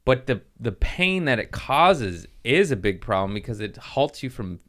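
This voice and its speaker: A man's voice: medium pitch, normal speed. A man hosting a comedy podcast, chatting casually, swearing freely and acting out little voices as he tells stories. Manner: animated storyteller, swears freely, acts out voices. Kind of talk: casual chat.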